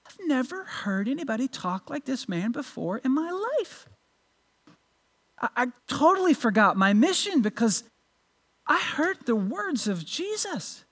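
A pastor briefly voicing stunned ancient male temple officers in a quiet, awed way during a sermon. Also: high-pitched, very animated, measured pace, slightly rough, heavily acted.

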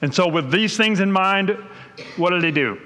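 A man's voice: high voice, expressive, normal speed, pushed and bright. A man teaching a Bible story by quizzing listeners and explaining as he goes, in a conversational way. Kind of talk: question-and-answer Bible story review. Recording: long hall reverb.

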